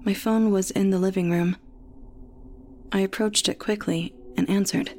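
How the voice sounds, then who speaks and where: A woman reading a first-person horror story aloud in a measured, tense way. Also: medium pitch, steady tone, darkish tone, slight background noise. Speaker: narrator.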